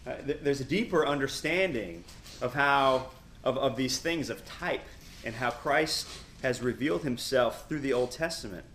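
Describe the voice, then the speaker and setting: A middle-aged man teaching a Bible lesson, reading scripture aloud with emphatic, animated delivery and quick asides. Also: medium pitch, slight background noise.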